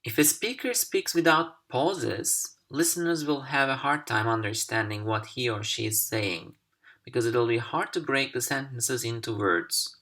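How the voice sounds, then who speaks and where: A man teaching English over slides, speaking slowly and deliberately with careful pauses. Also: mid-range voice, sharp tone. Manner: slow, deliberate, carefully paced. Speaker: English language instructor. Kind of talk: slide-based recorded lesson.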